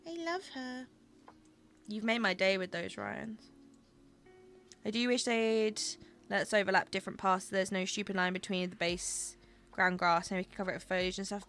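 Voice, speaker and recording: A woman's voice: medium pitch, pushed and bright. A young woman chatting casually with her viewers while she plays and streams a game, gushing over small things.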